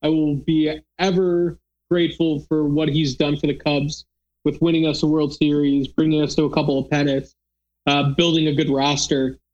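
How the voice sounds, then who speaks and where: A man's voice: on the high side, little pitch movement, normal speed, darkish tone, dull audio. A man hosting a casual podcast, chatting loosely with lots of fillers and restarts. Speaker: podcast host. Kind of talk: casual chat.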